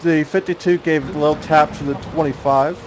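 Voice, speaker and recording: A man's voice: on the high side, steady tone, a little fast. Young man from the South, race broadcaster, chatty, laughs a lot, faint noise behind. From Oklahoma, US South. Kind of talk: sim racing commentary.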